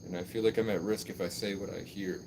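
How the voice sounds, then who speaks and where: A man's voice: low-pitched, steady tone, fast, a little mellow, a little hiss or hum. A man chatting erratically on a livestream, swinging between mystical musing and mock-angry, profane rants, outdoors at night. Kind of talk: rambling livestream chat with viewers.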